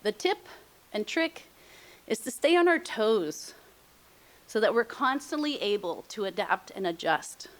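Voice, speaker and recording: A woman's voice: medium pitch, sing-song, measured pace. A middle-aged woman presenting on aging and senior housing, speaking emphatically and repeating her points, openly emotional. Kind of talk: heartfelt motivational talk.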